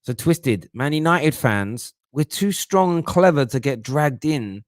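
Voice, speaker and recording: Guy hosting a football fan show, chatty and animated, medium voice, dry close mic. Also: mid-range voice, no echo. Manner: animated, mocking put-on voices, London slang like "bruv". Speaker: football talk show host. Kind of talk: live fan show chat answering viewer comments.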